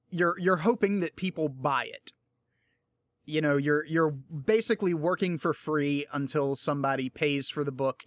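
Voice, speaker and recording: A man's voice: medium pitch, fairly bright tone, no room sound. A young man hosting a casual solo podcast, rambling and swearing a lot, with frequent fillers and restarts. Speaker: podcast host and audiobook narrator.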